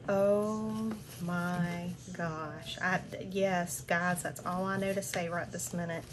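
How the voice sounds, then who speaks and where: A woman's voice: lowish voice, flat delivery, moderate pace. An older woman hosting an unboxing vlog from her home craft room, gushing with gasps and breathless exclamations. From southern United States. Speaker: crafting channel host. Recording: home recording with background noise.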